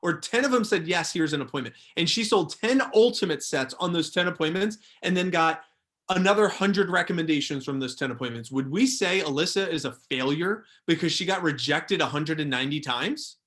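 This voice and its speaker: A young man runs a motivational training workshop for salespeople. His voice sits a little higher than most men's, and he drives each point home by repeating it. The delivery is energetic and coaching in tone. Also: fairly quick. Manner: emphatic, repeats key phrases.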